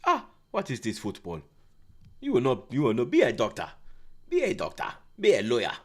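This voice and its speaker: A man's voice: fairly low pitch, expressive, fast, voice pushed down. A man voicing a stern African parent who lectures a child about school. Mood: lecturing. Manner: dismissive, lecturing.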